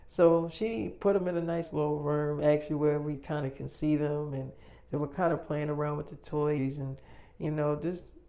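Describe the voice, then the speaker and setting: A woman telling a rambling, slangy story in a casual, relaxed way. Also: low voice, normal speed.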